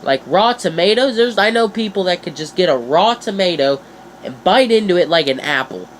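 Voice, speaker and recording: A teenage boy vlogging in a casual, chatty way, playful and animated, jumping up in pitch for emphasis. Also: moderate pace, slight background noise. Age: teens. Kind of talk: casual chat to camera.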